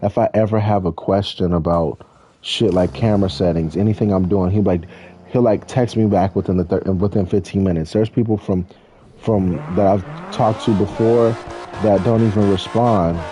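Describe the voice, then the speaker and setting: Speaking at a moderate pace with fairly even intonation, a young man with a lowish, dark-toned voice fields questions from his viewers. He's playing a driving game during this casual, profane, rambling Q&A full of loose slang, and there's slight background noise.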